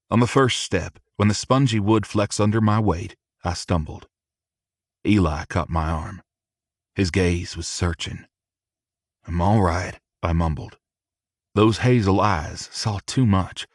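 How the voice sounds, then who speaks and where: Low-voiced man narrating an audiobook. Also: dry recording, studio quality. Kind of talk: first-person audiobook narration.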